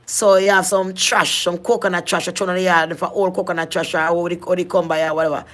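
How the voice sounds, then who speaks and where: A woman's voice: fairly low pitch, little pitch movement, quick pace, a bit bright. A middle-aged woman with a Jamaican accent, telling her own life story in earnest patois, often repeating and restarting her phrases. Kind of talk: personal storytelling.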